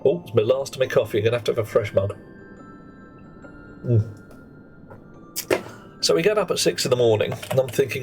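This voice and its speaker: A man's voice: medium pitch, normal speed, soft background music. A man, chatting jokily on a live game stream and reading viewer names aloud. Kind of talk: live gameplay stream chat.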